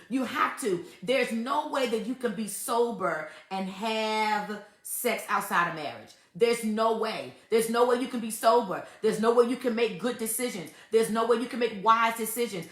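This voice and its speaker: Her voice sits on the high side with a slightly bright quality, recorded in a roomy space. As host of a relaxed faith-centered relationship talk, she gives advice emphatically, repeats herself, and laughs frequently while driving points home.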